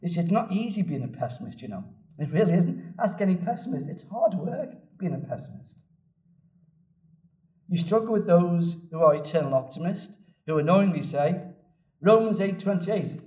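Preacher, lively and repetitive. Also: male voice, high-pitched, moderate pace. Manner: animated storytelling, repeats phrases for emphasis. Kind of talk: sermon. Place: church. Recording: echoey church room from a distance.

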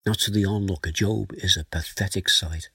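A man giving a slow, earnest Bible teaching sermon, reading verses aloud and then explaining them. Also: sits low, fairly even intonation, creaky, pushed and bright, breathy edge, no echo, studio quality. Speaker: preacher.

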